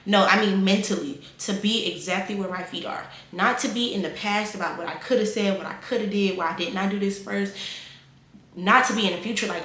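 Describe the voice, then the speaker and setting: A woman in her twenties giving casual life advice, animated and repeating phrases for emphasis. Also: mid-range voice, a little fast, echoey room. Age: 20s.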